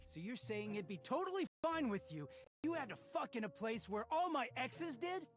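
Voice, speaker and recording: A man's voice: very high voice, very animated, normal speed, soft background music. An actor playing a jealous, bickering male object lover in a dating game, with a whiny, petulant delivery.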